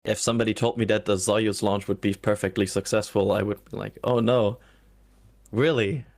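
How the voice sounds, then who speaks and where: Casting: male co-host, lowish voice, dry humor, halting delivery. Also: flat delivery, gravelly, darkish tone, dry recording. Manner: jokey, hesitant, restarts. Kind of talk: casual live show chat.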